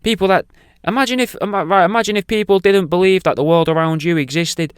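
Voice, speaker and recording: Rambling, swearing radio host. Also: male voice, sits high, fast talker, clean tone, dry recording, studio quality. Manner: rambling, swears a lot, goes off on tangents. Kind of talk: casual rambling talk show. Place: radio studio.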